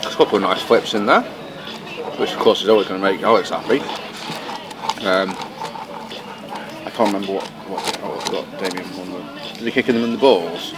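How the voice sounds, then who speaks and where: A man co-hosting a casual podcast, chatty and swearing casually, recorded in a fast-food restaurant. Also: deep voice. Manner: chatty, swears casually, talks while eating. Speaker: podcast co-host. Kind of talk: casual chat. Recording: noisy crowded restaurant. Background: busy restaurant crowd chatter.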